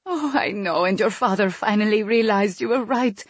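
A woman's voice: medium pitch, normal speed, husky, no echo, pitched above the performer's own voice. A woman voicing a commanding noblewoman mother who is emotional and bossy, in an audiobook reading. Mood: tender. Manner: loud, urgent, commanding.

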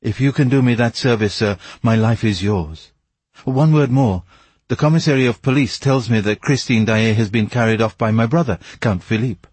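A man's voice: mid-range voice, normal speed, darkish tone, breathy edge, no room sound, close to an everyday voice. A man voicing an impetuous, anxious young nobleman who pleads urgently.

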